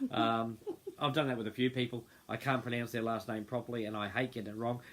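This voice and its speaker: The host of a group livestream speaks in a mid-range voice with a fairly bright tone. His unscripted, casual talk meanders, and he keeps losing his train of thought.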